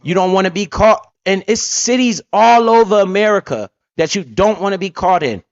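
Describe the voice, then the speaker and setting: A man from Connecticut hosting a livestream, talking loudly in animated street slang and swearing often. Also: high-pitched, normal speed. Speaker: livestream host. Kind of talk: casual livestream chat. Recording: lo-fi stream audio.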